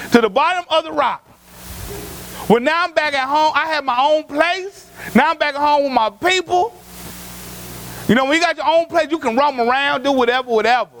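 A man preaches with a strikingly high voice. He swings from loud shouts down to quiet hushed lines. A faint hum runs under the recording. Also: rough recording. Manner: preaching with rising shouts and sudden drops to a hush. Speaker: pastor. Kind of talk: sermon.

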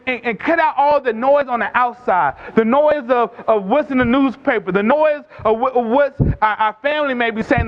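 A man preaching a sermon, retelling scripture in a conversational way and acting out the voices of the people in the story. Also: normal speed. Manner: climbs higher and louder when pressing a point. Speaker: pastor. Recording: dull lo-fi recording.

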